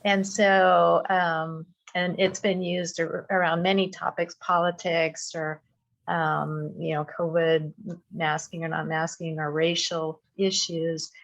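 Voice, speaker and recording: A woman in a church class sharing a thoughtful comment, measured with pauses. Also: on the low side, flat delivery, muffled recording. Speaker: class participant.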